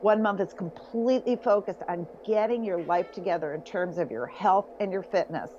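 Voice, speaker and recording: A woman's voice: on the low side, normal speed, mellow, slight background noise. A woman guest on an interview, talking enthusiastically and telling success stories. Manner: enthusiastic, storytelling. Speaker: guest, self-help author. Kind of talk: casual interview chat. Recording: slightly dull lo-fi audio.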